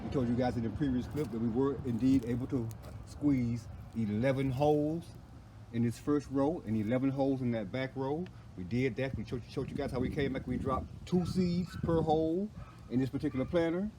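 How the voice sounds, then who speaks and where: A man's voice: mid-range voice, a little fast, background noise. A man hosting a gardening vlog from his front yard garden, talking in a folksy, repetitive way and often saying "indeed" and "you guys.". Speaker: gardening channel host. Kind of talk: casual garden vlog narration.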